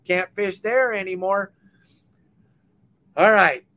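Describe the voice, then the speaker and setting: Fired-up older man, bright and high. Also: slow. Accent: Southern Californian. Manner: fired-up, blunt, scolding. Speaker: fishing podcast host. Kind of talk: impassioned rant. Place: on a boat or dock.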